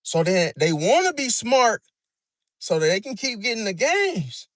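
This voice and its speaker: A man's voice: high voice, big pitch swings, a little slow, dry recording. Slangy man riffing, close dry mic. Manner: slangy, repetitive, addresses listener as bro. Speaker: astrology commentator. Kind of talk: casual monologue.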